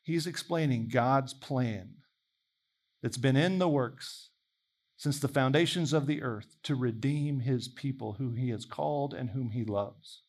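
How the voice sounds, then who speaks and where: A man preaching a sermon in a conversational, animated way, imagining dialogue aloud. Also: mid-range voice.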